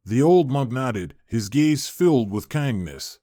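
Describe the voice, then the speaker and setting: Calm male storyteller, dry close sound. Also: mid-range voice, unhurried, hardly any pauses, no room sound. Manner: even, gentle, reflective reading. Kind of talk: calm scripted story narration.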